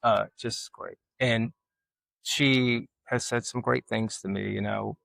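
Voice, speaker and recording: A middle-aged man from Alabama, a guest artist telling folksy stories in casual conversation and getting lively when he quotes people. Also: fairly low pitch, slow, vocal fry, no room sound. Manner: folksy, animated when quoting others. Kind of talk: casual storytelling.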